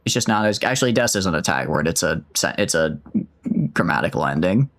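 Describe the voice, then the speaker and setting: A man's voice: deep voice, lively intonation, a little fast, fairly bright tone. A man streaming a video game, chatting casually and rambling in a self-mocking way with many restarts. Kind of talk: casual let's-play commentary.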